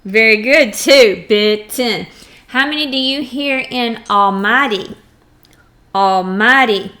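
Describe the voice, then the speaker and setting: A middle-aged woman teaching a first grade phonics lesson, patiently sounding out words and clearing her throat now and then. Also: on the high side, slow pace, sharp tone. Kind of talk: recorded phonics lesson for young children.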